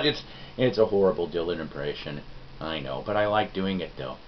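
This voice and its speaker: A man's voice: sits low, a little fast. A middle-aged man hosting a music review vlog, chatting in a folksy, rambling, self-deprecating way straight to his viewers. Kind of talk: casual rambling review chat. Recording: dull lo-fi sound.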